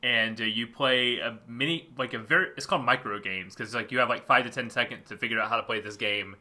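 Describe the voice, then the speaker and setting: A man's voice: mid-range voice, brisk, sharp tone. A man co-hosting a podcast, chatting casually in a laid-back way and laughing often. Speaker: podcast co-host. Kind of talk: casual chat.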